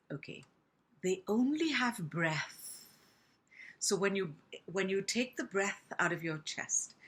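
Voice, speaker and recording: Woman speech teacher, slow and careful, bright slightly husky voice, spells out sounds. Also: on the low side. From India. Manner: slow, deliberate, demonstrates sounds with exaggerated articulation. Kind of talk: pronunciation lesson.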